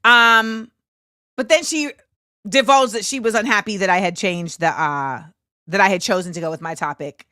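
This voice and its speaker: A woman in her thirties tells a personal story as a show host, her voice bright and forceful. She talks in an animated way and acts out what people said. The sound is dry and close. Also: mid-range voice, normal speed, no room sound. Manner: animated, acts out quoted voices, laughs often. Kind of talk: casual storytelling chat.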